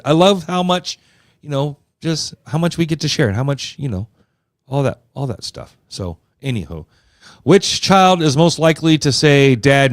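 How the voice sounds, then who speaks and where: A man's voice: medium pitch, no echo. Rambling middle-aged male podcaster, dry. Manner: rambling, loose, many fillers and restarts. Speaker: podcast host. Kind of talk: casual podcast chat.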